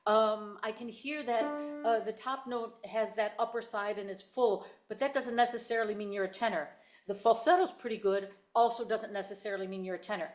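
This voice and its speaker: A woman's voice: medium pitch, steady tone, brisk, soft background music. A woman voice teacher giving a singing lesson over a video call, explaining in careful detail and repeating her points.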